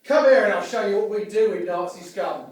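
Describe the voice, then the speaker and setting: A man playing an aggressive wartime street thug who shouts insults. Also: high voice, fairly quick, close to an everyday voice. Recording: echoey room from a distance.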